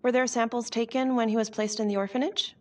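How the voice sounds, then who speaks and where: An actress voicing a composed district attorney in a game, who questions police in a measured, firm way. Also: female voice, fairly high pitch, steady tone, darkish tone, far from the mic, lightly acted.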